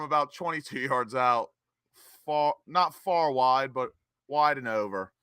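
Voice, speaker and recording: A young man hosting a live football watch-along, greeting chat viewers by name and getting excited over the play. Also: medium pitch, measured pace, clean tone, no echo, clean studio sound. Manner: excitable, reads chat names and cheers goals.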